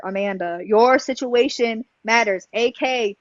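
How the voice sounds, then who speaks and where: A woman speaks in a high voice, bluntly and emphatically, cursing and repeating her points as a livestream host. The sound is close and dry, slightly dull and lo-fi. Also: normal speed, hardly any pauses, dry recording. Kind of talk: heated livestream talk.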